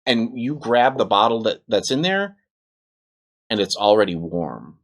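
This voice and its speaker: A game master narrating a tabletop game, animated and acting out sound effects. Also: mid-range voice, measured pace.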